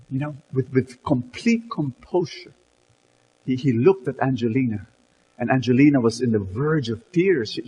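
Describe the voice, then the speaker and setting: A man's voice: mid-range voice, a little mellow, big-room sound, slight background noise, rough recording. A man telling a story in a sermon, dramatic, with many repeated words and "you know"s.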